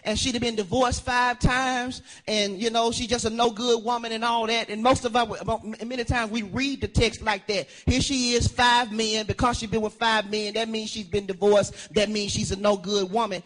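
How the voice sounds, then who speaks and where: A male pastor delivers a sermon in a strikingly high, bright voice. He calls on the congregation for a witness and lifts his lines into shouted, sung cadences, with a touch of in his speech. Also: little pitch movement, moderate pace, hardly any pauses. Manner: preaching with call-and-response, rising into shouted, sung phrases.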